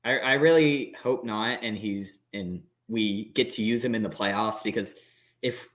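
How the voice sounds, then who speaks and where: A man's voice: lowish voice, a little slow, fairly bright tone. A man co-hosting a sports podcast, talking in a hesitant way that often restarts and repeats words. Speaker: podcast co-host. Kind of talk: casual sports chat.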